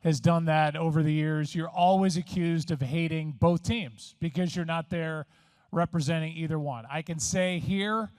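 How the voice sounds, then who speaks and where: A man in his fifties from Missouri talks from the podium in an easy, self-mocking storytelling way, his voice sitting a touch high for a man. The sound is close and dry, with hardly any room around it. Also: fairly even intonation, moderate pace, darkish tone, clear, resonant tone, no echo. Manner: self-deprecating, conversational storytelling. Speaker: award honoree giving a speech. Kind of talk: after-dinner acceptance speech. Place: resort event room. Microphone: podium microphone.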